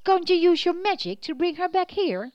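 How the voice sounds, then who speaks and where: A woman's voice: very high voice, very animated, moderate pace, a little mellow, dry recording, dull audio, pitched above the performer's own voice. A woman voicing a curious, easily puzzled young man in a children's storybook who keeps asking questions.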